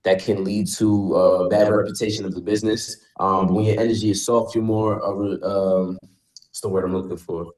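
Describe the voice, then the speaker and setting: A man's voice: deep voice, level tone, moderate pace, darkish tone, echoey room, low-quality recording. A man answering a question during a sales training call, hesitating and searching for his words.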